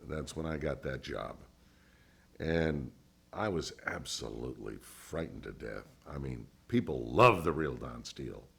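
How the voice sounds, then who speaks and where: Gravelly low-voiced older man telling stories. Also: a little slow. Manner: animated storyteller who acts out others' voices. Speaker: interviewee, radio DJ. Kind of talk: oral history interview, storytelling.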